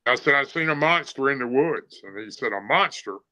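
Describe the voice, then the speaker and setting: In a rough recording, a man tells a casual story about an encounter as a guest, rambling plainly with many fillers. His mid-range voice is expressive, brisk, bright and forceful.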